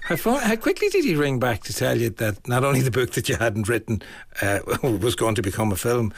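A man interviewing a guest, asking measured, leading questions. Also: medium pitch, big pitch swings, gravelly, dry recording, studio quality. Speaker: radio interviewer. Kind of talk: broadcast interview.

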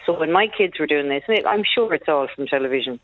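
A woman's voice: low voice, animated, quick pace. A woman phoning in to a radio show as a mother, forthright and opinionated, laughing often. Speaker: caller, mother. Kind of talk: phone-in chat. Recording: dry tinny phone line.

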